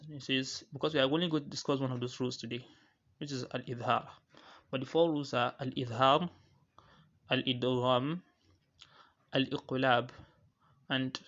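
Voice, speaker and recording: A man teaching tajweed, explaining a poem step by step, repeating and rephrasing each point and chanting verse lines quickly. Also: mid-range voice, fairly bright tone, dull audio. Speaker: Quran recitation teacher.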